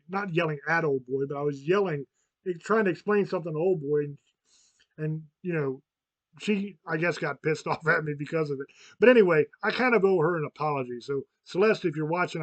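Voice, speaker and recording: A man's voice: fairly high pitch, brisk, no room sound, dull audio. Profane rambling man in his fifties. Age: 50s. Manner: rambling, frank and profane, with many restarts. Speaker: podcast host. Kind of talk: casual chat.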